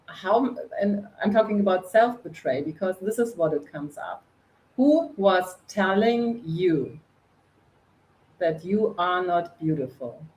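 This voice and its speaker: A woman's voice: fairly low pitch, poor audio. A middle-aged woman from northern Germany with a German accent, speaking bluntly and with energy as a guest coach on a podcast. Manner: energetic, blunt, laughs often. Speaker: guest, face yoga coach. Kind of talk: podcast interview.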